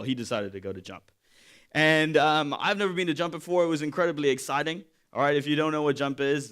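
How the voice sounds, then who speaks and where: A man's voice: medium pitch, a bit bright. A young man preaching a sermon, telling a story in a loose, conversational way with fillers and repeats.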